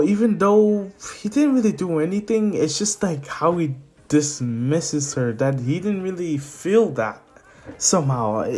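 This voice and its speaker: A man's voice: fairly high pitch, darkish tone. A man casually retelling a fan story in a rambling way, full of fillers. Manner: rambling, loose with fillers like "so yeah".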